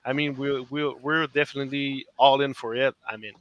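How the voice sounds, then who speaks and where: A man in a band, interviewed over a video call, halting with many uhs and laughing often. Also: mid-range voice, steady tone, a bit bright, lo-fi sound. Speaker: band member and lyricist. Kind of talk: casual interview chat.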